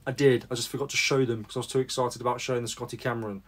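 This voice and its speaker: A man's voice: medium pitch, racing. A man chatting casually in a vlog about his sales, rambling and making self-deprecating asides. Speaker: reseller vlogger.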